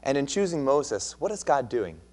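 A man's voice: medium pitch, big pitch swings, moderate pace, darkish tone. Man preaching, conversational sermon, frequent restarts, asks listeners questions, faint mains hum. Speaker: pastor.

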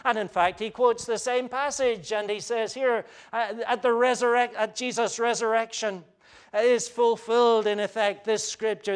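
Earnest high-voiced male preacher. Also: steady tone, moderate pace, smooth. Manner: earnest preaching with frequent restarts and fillers. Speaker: pastor. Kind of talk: sermon.

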